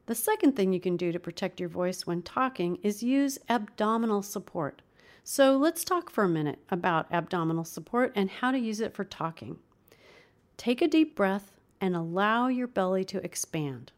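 A woman leads a voice lesson with an upbeat, coaching manner. Her pitch sits in the middle range, and she demonstrates each exercise herself. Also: expressive, normal speed. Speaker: voice teacher. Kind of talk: instructional video lesson.

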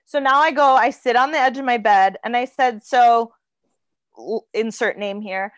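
A woman with a high voice recounts a date in a blunt, profane way, switching between her own lines and the other person's as she acts out the dialogue. The sound is dry and close, with no room around it. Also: steady tone, moderate pace, dry recording. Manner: frank and profane, acts out both sides of dialogue. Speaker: podcast host. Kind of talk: candid comedic storytelling.

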